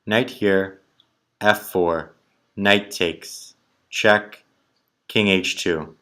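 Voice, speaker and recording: With drawn-out words and a sharp tone, a low-voiced man talks through chess tactics puzzles, his intonation fairly even. He calculates aloud, muttering moves in short, clipped phrases.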